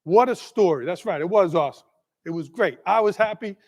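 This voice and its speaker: A man with a high, bright voice tells a story from the keynote stage, animated and quick to check in with the crowd. His voice rings out with a long reverb tail from a big conference hall. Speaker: keynote speaker, school leader.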